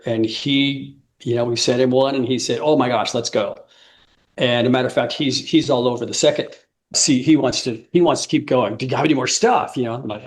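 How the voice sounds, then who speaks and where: A man in his fifties, a musician guest telling rambling stories in a casual interview, laughing often and acting out quotes. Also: medium pitch.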